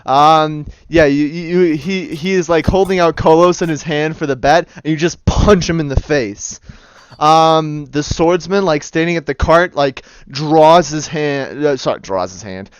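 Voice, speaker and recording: A man's voice: a little high, measured pace, smooth, no room sound, lo-fi sound. A man narrating as game master of a tabletop game, casual and laughing often. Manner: casual, laughing, voices many figures.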